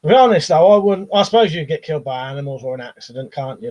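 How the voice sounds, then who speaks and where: A British man hosts a casual live stream, reading out viewer comments and chatting with a laugh, often trailing off into quiet asides. He has a British English accent and a medium-pitched voice, speaking a little fast, and the audio is dull.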